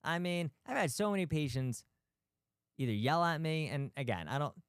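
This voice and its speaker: Clear and resonant, this man's fairly high voice has lively intonation and a moderate pace, recorded dry in a clean studio. As a physical therapist and podcast host addressing healthcare practice owners, he's blunt and emphatic, peppering his talk with rhetorical questions and the occasional curse.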